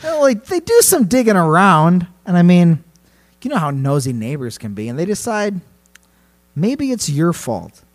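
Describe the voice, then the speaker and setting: A man's voice: sits high, sing-song, normal speed. A man hosting a casual podcast chat, telling a spooky story in a playful, rambling way and laughing often. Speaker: podcast host.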